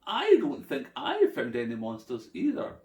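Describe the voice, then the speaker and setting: A man's voice: fairly high pitch, huge pitch swings, normal speed, recorded from a distance. A man voicing a big, friendly, polite male lake monster in a children's story. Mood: gentle. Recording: echoey room.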